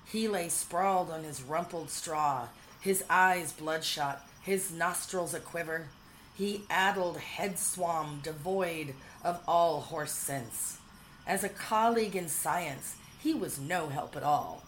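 Slow, low-voiced woman storyteller. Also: a little hiss or hum, low-quality recording. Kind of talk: storybook narration.

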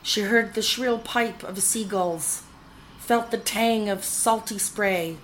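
A woman reading a storybook aloud in a playful, expressive manner. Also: mid-range voice, slow, a little hiss or hum, low-quality recording. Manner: playful, expressive, shifting into character voices.

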